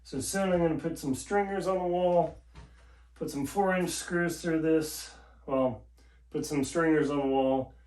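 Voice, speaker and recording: A man's voice: mid-range voice, darkish tone. A man chatting casually to the viewer while building something at home, in a jokey, talkative way. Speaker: home DIY vlogger. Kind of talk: casual how-to narration. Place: home office during building work. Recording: roomy echo in a bare room.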